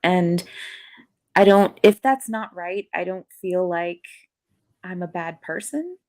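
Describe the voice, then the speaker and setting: A woman's voice: on the low side, slow. A woman on a podcast panel, talking candidly and rambling with many fillers in casual chat.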